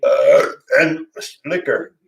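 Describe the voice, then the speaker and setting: A man's voice: mid-range voice, huge pitch swings, slow pace, roomy sound. A man on a live stream at home, rambling through crude jokes and laughing constantly. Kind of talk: rambling crude joking chat. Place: at home, alone.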